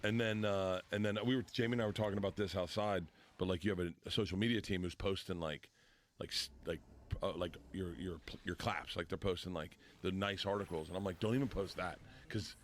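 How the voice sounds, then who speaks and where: A middle-aged man, a guest on a podcast, telling stories in an animated, self-deprecating way, with heavy swearing and acted-out voices. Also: sits low, brisk, a little hiss or hum. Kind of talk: casual storytelling.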